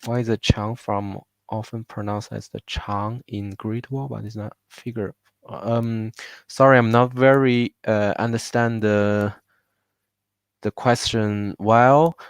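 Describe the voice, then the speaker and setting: A man's voice: on the low side, fairly even intonation, slow, clean tone, dry recording. A man with a Chinese accent teaching Mandarin pronunciation in a live online class, patiently repeating words for learners. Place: home.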